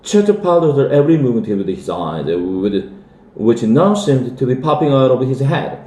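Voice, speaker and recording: A man from South Korea, an English teacher, reading a children's novel aloud in a steady way. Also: mid-range voice, moderate pace, reverberant. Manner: steady read-aloud with lively dialogue.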